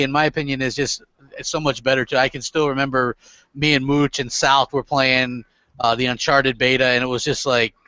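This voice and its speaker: High-voiced, brash, swearing male podcast host. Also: bright, forceful tone, dry recording, dull audio. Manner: profane, boisterous storyteller. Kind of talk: casual podcast chat.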